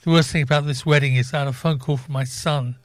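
A man's voice: mid-range voice, fairly even intonation, fast, a crowd in the background. An older man co-presenting a radio show, telling family stories in casual chat.

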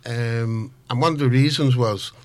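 A man, a guest author telling stories in a casual radio interview, full of restarts and animated asides. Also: mid-range voice, unhurried, no echo. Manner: animated, rambling storyteller with many restarts. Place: radio studio.

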